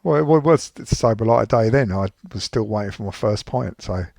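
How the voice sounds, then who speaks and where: Gravelly man with dry teasing wit. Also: fairly low pitch, animated, fairly quick, a little mellow, no room sound. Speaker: podcast co-host. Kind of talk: casual chat. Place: at home.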